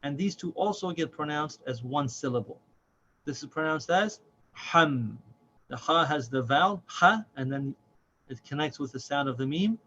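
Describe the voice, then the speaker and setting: A man teaching a reading lesson step by step, patient and deliberate, drawing out each syllable slowly. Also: a little high, animated, sharp tone. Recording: slightly dull audio with faint noise.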